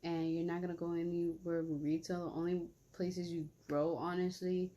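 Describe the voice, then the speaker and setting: A woman's voice: fairly low pitch, little pitch movement, moderate pace, dark tone. A young woman vlogging casually while she eats, rambling in blunt, slangy talk with lots of fillers. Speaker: mukbang vlogger. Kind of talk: casual vlog chat while eating.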